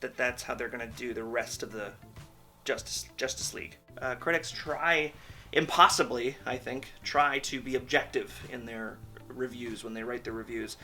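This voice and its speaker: A man's voice: mid-range voice, moderate pace, bright, forceful tone, soft background music. A man giving a candid, rambling movie review in a casual vlog, swearing freely. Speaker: film reviewer.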